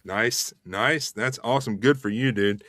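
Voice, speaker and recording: US male host, middle pitch, dry close mic, fast and eager. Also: no room sound. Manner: rushed, energetic promo talk with fillers. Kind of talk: casual online show chat.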